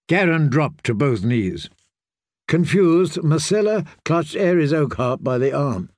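Male audiobook narrator, slow and measured, lively pitch, dry close sound. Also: no room sound. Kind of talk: scripted narration.

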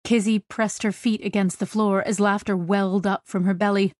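In clean studio sound with no room sound, a woman tells a story for an audiobook. Her mid-range voice stays even and measured throughout the scripted narration.

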